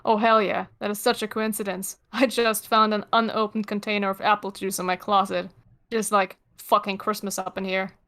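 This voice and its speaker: A woman reading a webcomic's chat lines aloud as a cocky teenage boy, flat and sardonic. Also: medium pitch, normal speed, close to an everyday voice.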